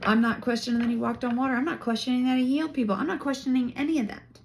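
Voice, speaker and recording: A woman's voice: high voice, steady tone, very fast, a little hiss or hum. Impassioned woman ranting to camera. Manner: impassioned, indignant, emphatic. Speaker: vlogger. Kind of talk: casual opinion monologue.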